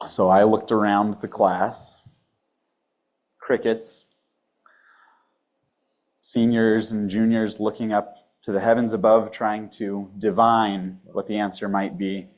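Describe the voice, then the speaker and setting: A man with a somewhat low voice tells a personal story to a class. He speaks in a measured way and lets pauses stand instead of filling them. His delivery is calm and controlled. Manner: measured, pausing instead of using fillers. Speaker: student speaker. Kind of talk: telling a personal story on stage.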